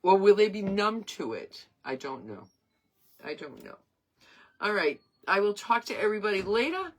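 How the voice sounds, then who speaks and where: A woman's voice: medium pitch, big pitch swings, moderate pace, a little hiss or hum. A woman in her sixties hosting her craft page live, chatting in a rambling, earnest and emotional way. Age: 60s. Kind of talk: casual live-stream chat.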